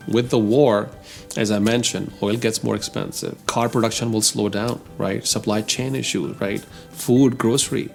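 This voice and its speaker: Man, commentary host, emphatic, heated, mid-pitched voice, faint music. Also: vocal fry, a little mellow. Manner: emphatic, addresses listeners as folks, gets heated. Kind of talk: opinionated commentary on the economy.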